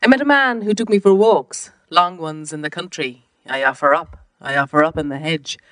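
A woman's voice: low-pitched, moderate pace, a bit bright, dry recording. A woman reading aloud as a young woman recalling men, in a rhythmic, incantatory way. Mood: raw incantatory.

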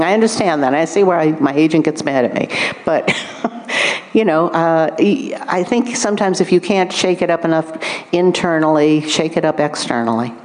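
Low-voiced wry woman author. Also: normal speed, darkish tone. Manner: wry, thoughtful, self-deprecating. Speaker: author guest. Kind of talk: onstage conversation.

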